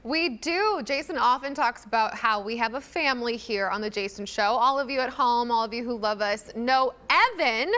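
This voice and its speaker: A woman's voice: a little high, expressive, moderate pace, hardly any pauses, pushed and bright. A woman cohosting a live TV talk show, chatty and upbeat as she presents entertainment news.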